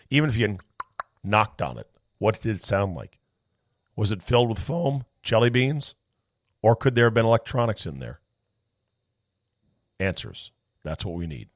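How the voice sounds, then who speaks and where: A man hosting a podcast, ranting in a sarcastic, incredulous way and firing off rapid questions with some swearing. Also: on the low side, no echo, studio quality. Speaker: podcast host. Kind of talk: animated comic rant and chat.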